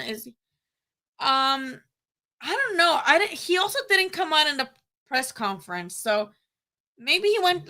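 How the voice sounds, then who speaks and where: A young woman hosting a casual boxing livestream, rambling, animated and profane. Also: on the high side. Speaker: boxing channel host.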